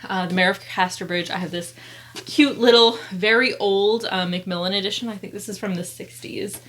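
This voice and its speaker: A woman's voice: medium pitch, fairly bright tone. A woman book vlogger at home, chatting casually and reading book blurbs aloud, with lots of fillers and self-corrections. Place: at home among piles of books.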